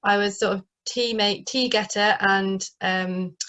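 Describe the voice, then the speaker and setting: A woman's voice: mid-range voice, fairly even intonation, a little slow, bright, forceful tone. Chatty northeast English woman, hesitant. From northeast England. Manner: chatty, hesitant, many fillers and restarts. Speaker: playwright guest. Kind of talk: casual interview talk.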